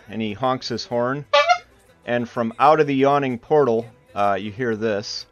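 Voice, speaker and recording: Narrating a tabletop game livestream as game master, a man from Iowa talks in a mid-range voice at a measured pace. He rambles, uses lots of fillers, and drops into playful character voices, all over muffled audio with faint music in the background.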